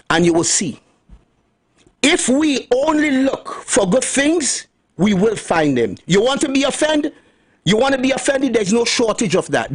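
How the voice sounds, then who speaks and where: A man's voice: high-pitched, breathy edge. A middle-aged man, hosting a radio talk show and preaching about health in an emphatic, folksy way, repeating lines for stress.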